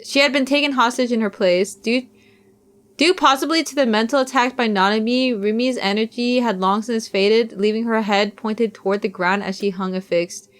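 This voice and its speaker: A woman's voice: on the high side, moderate pace. A young woman streamer reading a visual novel aloud, with casual, self-deprecating asides.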